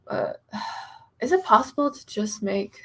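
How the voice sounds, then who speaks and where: Chatty woman with a gravelly voice. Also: fairly high pitch, lively intonation, slow pace, a bit bright. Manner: chatty, rambling, many fillers, reads comments aloud. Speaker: author streamer. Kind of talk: casual live-stream chat, reading chat comments.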